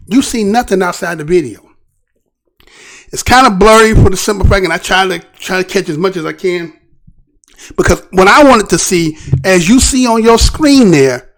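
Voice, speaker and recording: A man hosting his own news commentary show, talking casually and animatedly, often asking "right?" and restarting his phrases. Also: high-pitched. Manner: rhetorical, repeatedly asks "right?".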